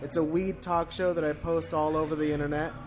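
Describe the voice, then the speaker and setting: A man's voice: a little high, level tone, brisk. A man being interviewed as a comedian in a dive bar, chatting in an easygoing, casual way. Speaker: comedian and guest. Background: music.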